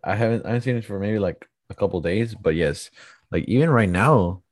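A young man chatting casually about movies, laughing often and retelling scenes quickly. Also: on the low side, no echo, clean studio sound.

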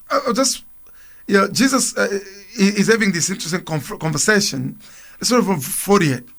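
High and a bit bright, this man's voice carries a radio program where he reads scripture aloud. As a church speaker, he then comments on the passages in a casual, conversational way, restarting and chuckling as he goes.

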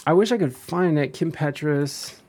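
A man's voice: fairly high pitch, moderate pace, a little mellow, breathy edge. A young man giving rambling, crude and profane casual commentary as a vlogger.

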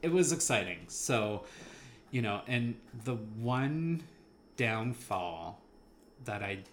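Male co-host, unhurried and animated, mid pitch, faint ambient hiss; casual movie review chat. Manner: enthusiastic, rambling, laughs often.

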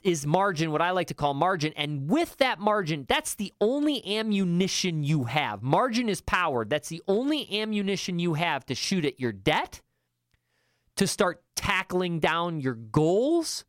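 A man's voice: high-pitched, big pitch swings, a little slow, fairly bright tone, dry recording, clean studio sound. Emphatic man giving money advice. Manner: emphatic, coaching tone with many fillers. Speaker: podcast host. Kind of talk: casual advice talk.

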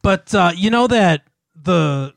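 Rambling, profane man with a higher voice. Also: lively intonation, slow pace, vocal fry, no room sound. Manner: rambling, profane, laughs often, many fillers. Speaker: podcast co-host recapping a film. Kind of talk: casual chat.

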